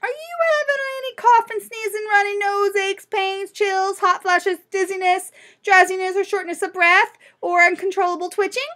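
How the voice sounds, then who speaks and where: A woman voicing an excitable, fussy male doctor who rattles off a long list of symptoms. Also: very high voice, moderate pace, voice pushed up. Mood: amazed, chatty.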